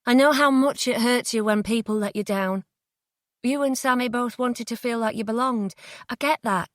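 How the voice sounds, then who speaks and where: A woman's voice: on the high side, normal speed, no echo, natural voice. Woman voicing frightened defiant young woman, tense, coaxing, dry close sound. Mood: gentle. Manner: tense, pleading, trying to stay calm.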